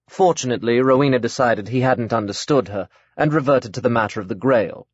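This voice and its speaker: A man narrating an audiobook in a measured, even way. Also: medium pitch, slightly rough, no room sound. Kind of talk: scripted narration. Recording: dry, slightly dull audiobook recording.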